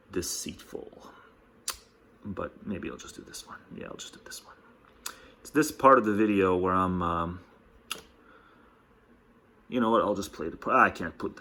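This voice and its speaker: A man's voice: low voice, breathy edge. A man hosting a casual commentary, rambling and thinking aloud as he goes, laughing often. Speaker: commentary host. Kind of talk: casual solo commentary over clips.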